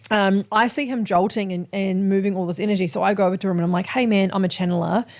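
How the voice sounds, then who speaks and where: An Australian woman in her thirties hosts a casual podcast and tells a story. She talks in a lively way, swears freely and acts out the people she quotes. Her voice sits at an ordinary middle pitch. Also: fast. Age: 30s. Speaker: podcast host.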